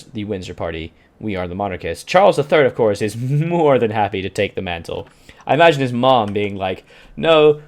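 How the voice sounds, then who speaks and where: A man casually commenting on his strategy game as he plays, swearing freely and answering questions from his live chat. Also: on the low side. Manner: chatty, profane, reads out chat questions. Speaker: video game streamer.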